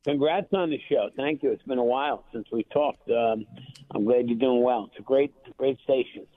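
A man calling in as a chef guest, plainspoken and relaxed as he explains. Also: medium pitch, normal speed, no room sound. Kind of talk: phone interview. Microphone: phone. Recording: tinny phone line.

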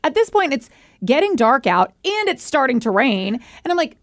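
Expressive young woman with gravelly edge. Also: moderate pace, no echo, clean studio sound. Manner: expressive, dramatic retelling with big pitch swings. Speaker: podcast co-host. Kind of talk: casual chat.

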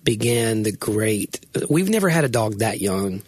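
A man's voice: on the low side, big pitch swings, a little slow, slightly rough, no echo. A man co-hosting a casual chat with his wife, self-deprecating and laughing often. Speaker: podcast co-host.

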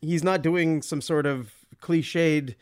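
A man's voice: fairly high pitch, steady tone, takes it slowly, darkish tone. A man co-hosting a podcast, chatting casually and enthusiastically about a film, often laughing. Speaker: podcast co-host.

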